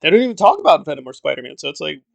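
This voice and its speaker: A man's voice: fairly high pitch, huge pitch swings, very fast, creaky, no room sound. A man giving a casual, blunt film review, talking in an exasperated way with lots of fillers.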